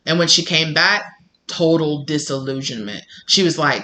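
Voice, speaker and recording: Man, Southern country accent, bright voice, slightly high, rambling personal monologue, acts out other people's lines. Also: lively intonation, normal speed, a little hiss or hum. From Southern United States. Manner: rambling, repeats himself, acts out quoted conversations. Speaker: tarot channel host.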